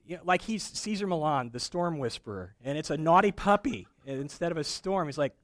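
A man's voice: fairly high pitch, expressive, brisk, hardly any pauses, fairly bright tone, no room sound, studio quality. A middle-aged man preaching a conversational sermon and acting out the voices of people in the story. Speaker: pastor.

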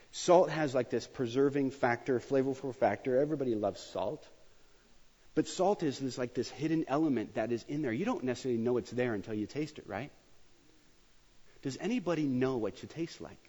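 Animated preaching man in a reverberant church. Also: mid-range voice, husky. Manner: animated, joking, emphatic preaching. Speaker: pastor. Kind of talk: sermon. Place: church sanctuary. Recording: dull sound with long hall reverb.

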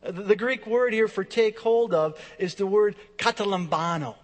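High-voiced preacher in an echoing hall. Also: male voice, moderate pace. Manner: emphatic preaching with repeated phrases and swings in volume. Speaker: pastor. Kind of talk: sermon. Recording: long reverb of a large hall.

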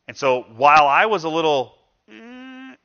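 A man delivers a sermon in a relaxed, conversational way, slipping into quoted voices to make his points. His voice is bright and forward. The recording sounds a bit dull and lo-fi. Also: medium pitch, normal speed. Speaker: pastor.

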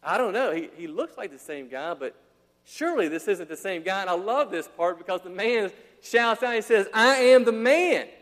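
A man's voice: sits high, animated, normal speed, fairly bright tone. A man preaching a sermon, acting out the people in his story and dropping casual slang asides. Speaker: pastor. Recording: long hall reverb.

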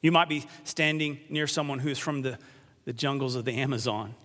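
A male pastor preaching a sermon in a church. He leads the congregation in call and response and drops to a hush on key words. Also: mid-range voice, normal speed. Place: church sanctuary. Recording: long reverb of a large church.

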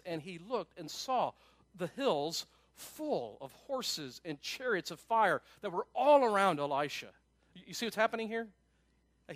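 A man pastor preaching a sermon in an animated, conversational way, with asides to his listeners. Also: sits high, no room sound.

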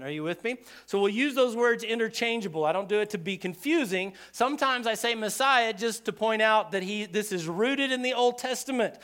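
A pastor preaches to his congregation in a high, smooth, clear voice. He talks in an easygoing, conversational way and checks in with his listeners. He acts out the people he quotes with dramatic shifts in his voice. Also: fairly bright tone. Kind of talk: sermon.

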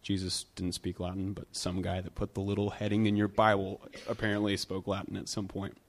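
A man's voice: low voice, completely flat delivery, a little fast. A man preaching a conversational sermon in a church, with rhetorical questions that build emphasis. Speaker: pastor.

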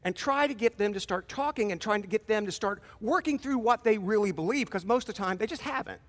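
A man preaching a sermon in a conversational, animated way, acting out short quoted exchanges. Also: high voice, brisk, few pauses, big-room sound. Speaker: pastor.

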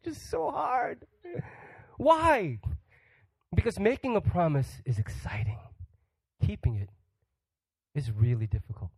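A man's voice: medium pitch, wildly swooping pitch, unhurried, pauses often, husky, no room sound, poor audio. A man preaching a sermon as a guest pastor, joking with the congregation and putting questions to them. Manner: humorous, acts out quoted voices; asks the audience questions.

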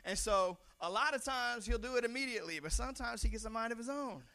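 A young man preaching a sermon in a church, talking conversationally, stumbling over repeated words and now and then shouting lines for emphasis. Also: very high voice, expressive, fast talker, gravelly. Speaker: pastor.

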